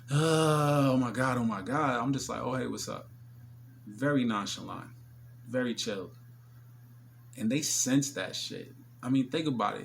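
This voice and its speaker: Gravelly-voiced man telling stories. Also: medium pitch, a little hiss or hum. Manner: animated, acts out other people's voices; slangy, many fillers. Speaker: vlogger. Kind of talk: casual storytelling monologue.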